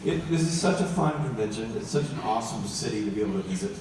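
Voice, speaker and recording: A man joking and chatting with a convention audience on a panel, an animated storyteller. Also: lowish voice, quick pace. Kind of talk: casual panel chat with audience. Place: large convention hall. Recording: echoey hall recording from far off, noisy.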